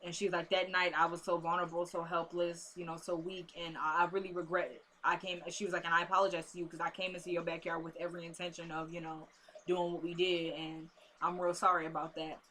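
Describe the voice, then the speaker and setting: Woman recapping a show, chatty, bright voice, lowish pitch, faint room hum. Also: level tone, fast. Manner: chatty, drifts into asides, addresses "y'all". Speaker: TV episode recapper. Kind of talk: casual recap to viewers.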